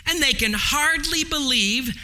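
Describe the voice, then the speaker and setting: A man preaching a sermon as pastor, emphatic and preacherly, slowing down to stress points. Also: very high-pitched, bright, forceful tone. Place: church sanctuary. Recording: long hall reverb.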